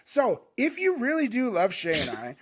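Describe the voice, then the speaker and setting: Man, fairly high voice, casual podcast chat, brash, hyped, cursing. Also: huge pitch swings, moderate pace, heavy background noise. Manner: loud, swearing, hyped and joking. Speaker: podcast co-host. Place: home podcast studio.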